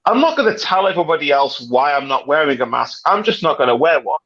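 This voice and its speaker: Animated British man on a muffled stream. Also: fairly high pitch, fast, dry recording. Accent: British English. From Britain. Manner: animated, dramatic and rambling, with many restarts. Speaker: livestream panelist. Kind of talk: casual chat.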